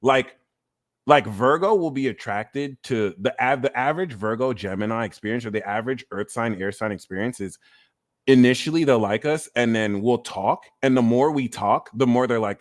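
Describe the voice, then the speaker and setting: A man streaming astrology talk from home through a webcam mic. He is casual and profane, laughs at his own faults, and swings between a low, level tone and high, squeaky mock voices. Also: moderate pace.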